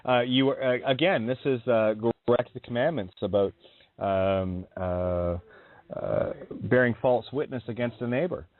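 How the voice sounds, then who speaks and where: A man's voice: mid-range voice, moderate pace. A man hosting a radio talk show, chatting earnestly and effusively about spiritual ideas. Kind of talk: casual radio chat. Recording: dry tinny phone-like line.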